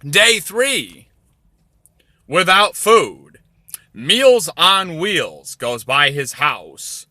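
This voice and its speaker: A man telling crude comedy stories in a rambling way, with deadpan asides. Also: a little high, drawn-out words, no room sound, clean studio sound. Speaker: storyteller. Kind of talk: crude comedic storytelling over drawings.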